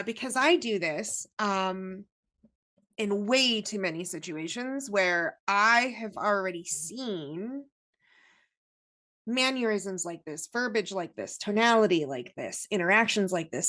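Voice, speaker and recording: A woman with a mid-pitched voice explaining an idea earnestly on a podcast. She talks at length and often restarts her sentences as her thoughts run ahead of her. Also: a bit bright. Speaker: podcast co-host. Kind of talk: casual chat.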